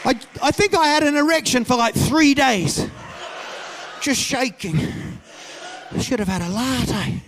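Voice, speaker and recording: A man doing a stand-up comedy set, telling stories in a loud, animated way with shouted bits. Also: very high voice, a little slow, a little hiss or hum.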